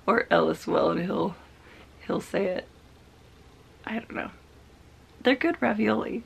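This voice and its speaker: Very gravelly, husky woman confiding softly. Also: mid-range voice. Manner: soft, halting, often half-whispered; emotional, confiding. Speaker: vlogger. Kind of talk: personal video diary.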